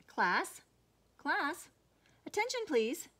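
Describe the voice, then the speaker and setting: A woman's voice: on the low side, sing-song, slow, breathy edge, heavily acted. A woman doing a gushing school principal.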